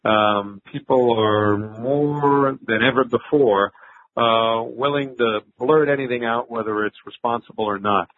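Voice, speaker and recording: Reflecting on his career in an interview, a veteran sports broadcaster of advanced age speaks in an unhurried, medium-pitched voice, telling stories with fillers and restarts. The audio comes over a thin, phone-like line.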